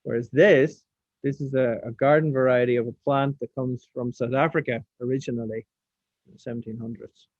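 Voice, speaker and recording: A man's voice: mid-range voice, fairly even intonation, fairly quick, dry recording. A man teaching a science practical over a video call, casual, asking the class questions as he demonstrates. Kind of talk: online science lesson. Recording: dull lo-fi sound, dry.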